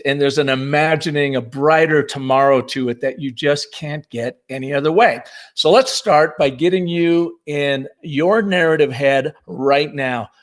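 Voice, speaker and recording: A man in his fifties giving an enthusiastic, punchy conference presentation on storytelling. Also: mid-range voice. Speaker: marketing speaker.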